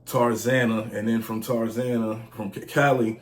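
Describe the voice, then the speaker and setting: His fairly low voice barely moves in pitch as he talks at a normal pace. He's an American vlogger and music reviewer in his forties, telling stories in a slangy, easygoing monologue full of "you know what I'm saying," recorded in an echoey room.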